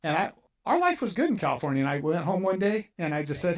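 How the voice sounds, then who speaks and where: Middle-aged guy hosting a podcast, kinda high voice, tells stories, does the voices. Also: fast talker. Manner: animated storyteller, acts out quoted dialogue. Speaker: podcast host, mortgage company owner. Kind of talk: casual interview storytelling.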